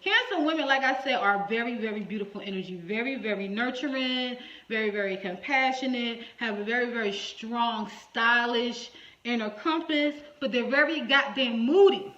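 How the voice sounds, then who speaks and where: A woman's voice: on the high side, normal speed, fairly bright tone. A woman hairstylist telling a story to her viewers in a casual, salty way, playing both sides of a phone call. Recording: echoey room, dull lo-fi sound.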